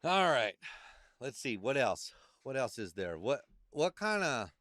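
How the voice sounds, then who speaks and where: A man hosting a casual podcast chat, telling animated stories and swearing freely. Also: medium pitch, measured pace, dry recording, studio quality. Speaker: podcast host.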